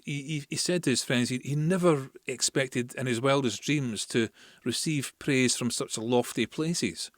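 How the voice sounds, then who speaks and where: A man's voice: medium pitch, dry recording. Male host with an ordinary mid-range voice, telling history in a chatty way full of restarts, recorded dry and close. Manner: chatty, with restarts and fillers, reads verse slowly. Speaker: podcast host. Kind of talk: casual storytelling and poetry reading.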